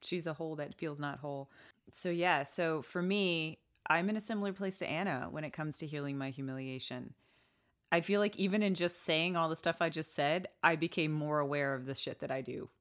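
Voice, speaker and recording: A man's voice: fairly high pitch, a little fast, fairly bright tone. A man from Atlanta co-hosting a podcast, talking reflectively and restarting his sentences as he thinks. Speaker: podcast co-host. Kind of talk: reflective casual chat.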